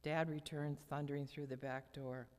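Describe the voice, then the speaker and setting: An older woman reading her personal memoir aloud at a lectern, with measured, dramatic storytelling. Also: low-pitched, little pitch movement, a little mellow. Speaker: memoir reader. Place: church hall lectern. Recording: long church hall reverb.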